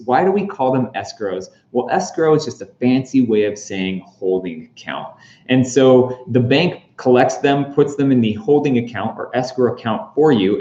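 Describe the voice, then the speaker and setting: A man talks through a casual explainer in a chatty, relaxed way, full of ums and jokey asides. His voice sits at an ordinary middle pitch. The recording sounds roomy and a little dull. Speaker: real estate explainer host.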